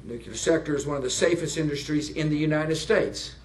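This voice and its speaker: A man in his sixties giving a public speech to plant workers, folksy and halting, with fillers and joking asides. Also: on the high side, slight background noise. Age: 60s. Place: nuclear power plant, indoors.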